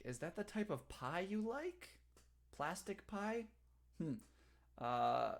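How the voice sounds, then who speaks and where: A man's voice: a little high, lively intonation, slow pace, creaky, pauses often. A young male teacher chats loosely with his students over a livestream from his home. He reads out their comments and keeps talking between bites of food, in an easygoing, unscripted way. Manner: chatty, reads chat aloud, talks while eating. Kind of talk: casual livestream chat.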